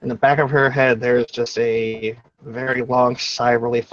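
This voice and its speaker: A man's voice: medium pitch, level tone, moderate pace, dry recording, muffled recording. A man playing a tabletop role-playing game, describing his character's actions in a casual, rambling way with frequent swearing. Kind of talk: tabletop role-play narration.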